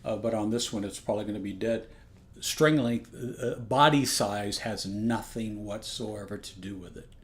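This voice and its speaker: A man's voice: lowish voice, moderate pace. Man reviewing ukulele, rambling and keen. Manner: rambling, self-correcting, enthusiastic. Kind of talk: casual spoken product review. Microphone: external phone microphone.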